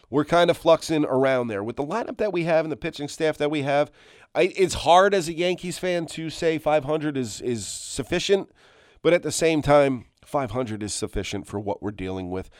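A middle-aged man hosting his own podcast, ranting casually and emphatically, repeating himself and swearing as he tells fans to calm down. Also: fairly high pitch, smooth, no echo, clean studio sound. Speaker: podcast host. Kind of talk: solo sports rant.

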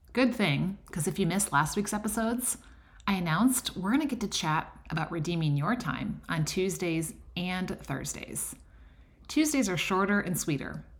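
A woman's voice: lowish voice, husky, dry recording. A middle-aged woman hosting a faith-based podcast, talking in an encouraging, conversational way. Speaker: podcast host. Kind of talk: scripted podcast intro and casual teaching.

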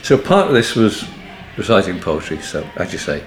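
An older man in his eighties with a Liverpool accent recalls his past in a low-pitched voice, drifting through wry, meandering anecdotes and restarting his sentences often. He sits in an echoey hotel room with a faint hum of ambience behind him. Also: very animated, normal speed. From Liverpool area, England. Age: 80s. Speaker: poet guest. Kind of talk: relaxed anecdotal interview answers. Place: hotel book room, indoors. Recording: roomy echo, faint ambience.

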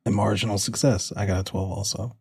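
A man's voice: lowish voice, fairly even intonation, brisk, gravelly, a little mellow, husky, no echo, clean studio sound. A man narrating a tabletop game as game master in a casual, descriptive way, thinking aloud as he goes.

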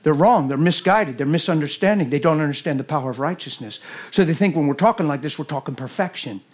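A man preaching a sermon in a church, animated and jokey, swinging from loud bursts to hushed lines. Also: on the high side, fast. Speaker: guest preacher.

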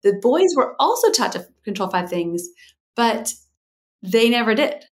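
A middle-aged woman, a guest expert on a podcast, explaining communication habits in a lively way and acting out quoted voices. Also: on the high side, a little slow. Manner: animated, acts out quoted voices, explains in lists. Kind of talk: podcast interview.

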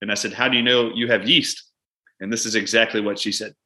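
A man, a doctor appearing as a guest, telling a long story from his practice in lively conversation and acting out both his own lines and his patient's. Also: lowish voice, quick pace. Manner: animated, acts out both sides of a patient exchange.

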